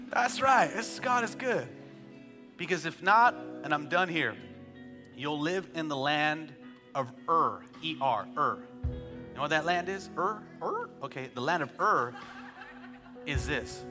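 A man in his thirties preaching a sermon as pastor, telling joking family stories and building to shouted calls for praise. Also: a little high, sing-song, unhurried, big-room sound, music in the background. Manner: joking asides, conversational storytelling.

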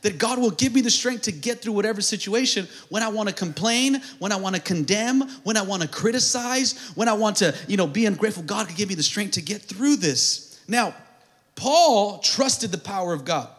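A high-pitched man preaching to a congregation. He calls for answers and repeats key lines. His voice swells into shouted, fervent peaks. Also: animated, moderate pace. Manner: call-and-response preaching, builds to shouted climaxes; acts out prayers in a mumbled comic voice. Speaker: pastor. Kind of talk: sermon.

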